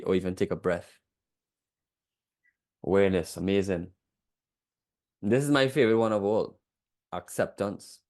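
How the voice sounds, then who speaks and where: A man co-teaching a class in a reflective way, turning lively when he recounts his own reactions. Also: low voice. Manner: reflective, shifts into lively, incredulous retelling. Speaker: co-host. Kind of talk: teaching a masterclass.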